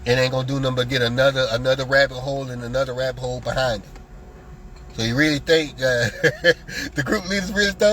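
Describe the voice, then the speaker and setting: A man's voice: high-pitched, fast, poor audio. Man ranting in a heated, taunting monologue. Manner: animated, taunting, swings between loud and muttered. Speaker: lottery content creator. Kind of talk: heated solo rant.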